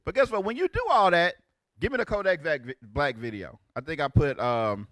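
A man in his forties, a religious teacher giving loud, exclamatory preaching commentary in casual street talk. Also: a little high, expressive, fairly quick, no echo. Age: 40s. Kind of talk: animated preaching commentary on videos.

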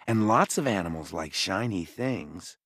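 A man's voice: sits low, expressive, measured pace, fairly bright tone, no room sound, studio quality, heavily acted. A man voicing an eager, chatty young boy in an audiobook. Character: cheerful curious young boy, animal lover.

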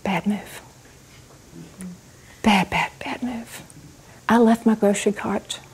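A woman's voice: mid-range voice, fairly even intonation, slow pace, husky. A woman, a Christian ministry speaker, tells a personal faith testimony to a live audience. She tells it expressively and turns to ask the audience questions.

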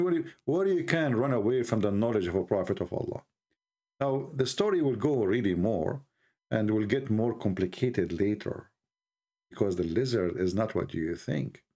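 A man's voice: fairly low pitch, dark tone. A man hosting a mocking commentary, sarcastic, laughing often, in broken English. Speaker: channel host.

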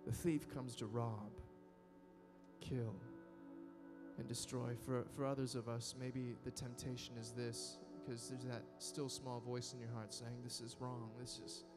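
A man's voice: medium pitch, level tone, measured pace. A man giving a dynamic sermon to a youth conference, acting out inner voices. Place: large conference hall. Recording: reverberant hall with soft music.

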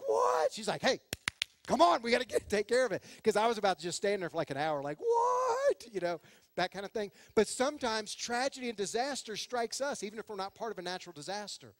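Animated pastor preaching in a big hall. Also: male voice, sits high. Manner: animated, acts out quoted voices. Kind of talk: sermon. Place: church sanctuary.

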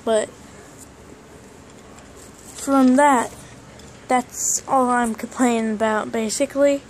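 A woman giving a casual, halting toy unboxing review, playfully putting on a silly accent. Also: fairly high pitch, steady tone, darkish tone, a little hiss or hum.

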